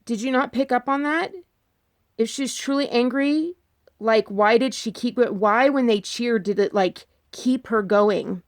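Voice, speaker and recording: A woman vlogger talking in casual commentary, repeating her points and firing off rhetorical questions, her pitch jumping up when she gets emphatic. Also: unhurried. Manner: insistent, repeats herself, fires rhetorical questions.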